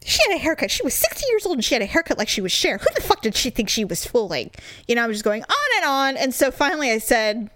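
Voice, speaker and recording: Lively, high-voiced woman telling a story. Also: fast, no room sound. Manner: animated storytelling with mocking voices, swearing. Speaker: podcast co-host. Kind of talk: casual chat.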